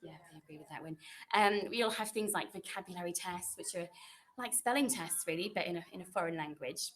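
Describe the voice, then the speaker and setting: A woman's voice: lowish voice, fairly quick, a little hiss or hum. A woman secondary school French teacher giving a chatty, reassuring welcome talk to new pupils over a computer microphone from her classroom, with lots of fillers and restarts.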